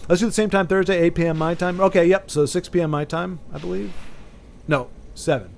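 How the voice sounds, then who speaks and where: A man streaming a game and chatting casually, rambling with frequent restarts and sudden excited bursts. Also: high voice, brisk, vocal fry, slight background noise. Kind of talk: casual chat while gaming.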